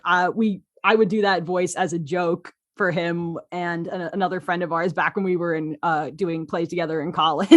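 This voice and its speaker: A woman talking as a podcast guest about the characters she writes and voices. She tells stories eagerly, laughs often and uses many fillers. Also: on the low side. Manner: excitable, animated storytelling. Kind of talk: casual interview chat.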